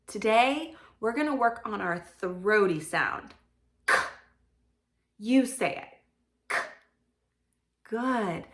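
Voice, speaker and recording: A woman speech therapist leading a children's sound practice lesson, modeling sounds clearly and giving encouraging praise. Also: mid-range voice, animated. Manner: slow, clear modeling of sounds with pauses for kids to repeat.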